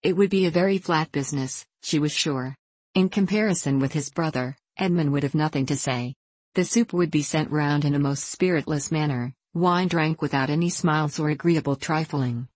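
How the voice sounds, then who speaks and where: A woman narrating a classic novel as an audiobook in a measured, even manner. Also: sits low, no echo.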